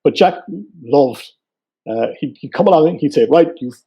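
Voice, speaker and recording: A man with a West Cork Irish accent, a photographer and guest, telling stories in relaxed casual chat with lots of fillers. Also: mid-range voice, moderate pace, husky. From Ireland. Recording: dull lo-fi sound.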